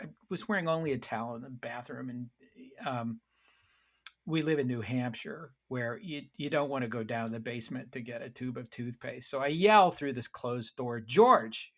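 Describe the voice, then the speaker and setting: A middle-aged man, an author on a podcast, explaining ideas and telling stories in a lively way with frequent restarts. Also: medium pitch. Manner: animated storyteller with frequent restarts. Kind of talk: conversational interview storytelling.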